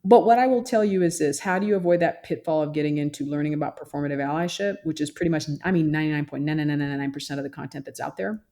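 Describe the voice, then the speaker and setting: Emphatic woman therapist, low warm voice. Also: racing, few pauses. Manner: emphatic, animated, mimics other voices. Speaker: therapist and social worker guest. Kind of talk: podcast interview.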